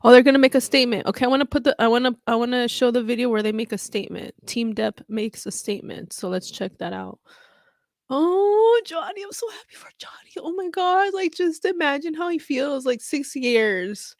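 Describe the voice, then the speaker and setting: A woman's voice: a little high, fairly quick, hardly any pauses, no echo. A young woman chatting through a casual reaction vlog, gushing, laughing and getting teary as she talks. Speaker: comedy vlogger reacting to news footage.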